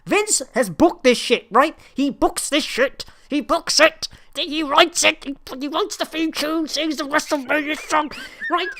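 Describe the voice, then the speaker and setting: A woman with a fairly high voice tears through a wrestling recap, swearing freely. Her storytelling is animated and ranting, and laughter keeps breaking through. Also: measured pace. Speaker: podcast co-host.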